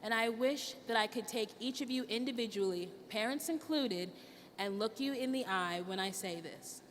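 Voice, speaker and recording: A woman's voice: on the high side, normal speed. A young woman student giving a heartfelt graduation speech to her class. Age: young adult. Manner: earnest, heartfelt, emotional. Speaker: student speaker. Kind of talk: commencement speech. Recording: distant mic, long hall reverb, faint noise.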